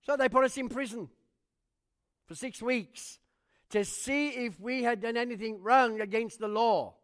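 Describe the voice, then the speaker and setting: Casual: guy pastor with a high voice preaching, tells stories and does everyone's lines, gets loud then drops low. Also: unhurried. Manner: animated preacher acting out quoted voices. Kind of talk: storytelling sermon.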